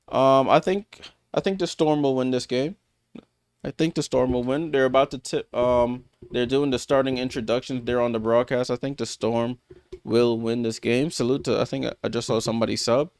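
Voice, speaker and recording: On a live sports watchalong, a man recaps scores in a loose, chatty way, packing in fillers, restarting often, and answering viewers by name. His voice is medium in pitch, smooth, and a little dark in tone. The audio is studio quality with no room sound.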